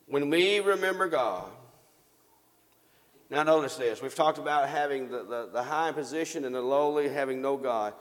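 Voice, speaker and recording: A man's voice: mid-range voice, moderate pace, long reverb tail. A man preaching a sermon, reading scripture aloud and asking the congregation questions that he answers himself.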